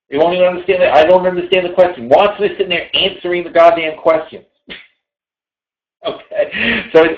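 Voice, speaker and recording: A man hosting a live trading webinar in a casual, animated way, digressing and swearing freely. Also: a little high. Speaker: webinar host and trading educator. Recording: roomy, slightly dull sound.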